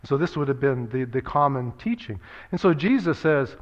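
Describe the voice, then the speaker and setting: A man's voice: medium pitch, very animated, moderate pace. Guy pastor preaching, earnest, stumbles and repeats words a lot, mid voice, kinda dull lo-fi recording. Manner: earnest, repeats words while thinking, many fillers. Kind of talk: sermon.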